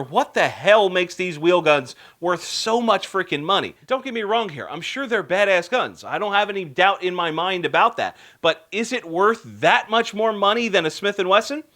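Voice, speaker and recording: A man with a high, bright voice hosting a scripted news show. He reads the items with wisecracking sarcasm and slides easily into indignant rants.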